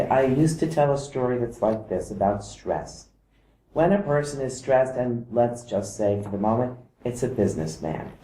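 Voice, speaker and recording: A man giving a calm explanatory talk to camera. He mimics vibrations by singing short "da" syllables. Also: mid-range voice, echoey room, slight background noise, poor audio. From outside Iceland.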